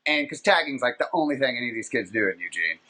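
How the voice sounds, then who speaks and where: A man hosting a podcast, telling a long, profane anecdote in a casual, animated, rambling way. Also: mid-range voice, fast. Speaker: podcast host. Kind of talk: casual storytelling.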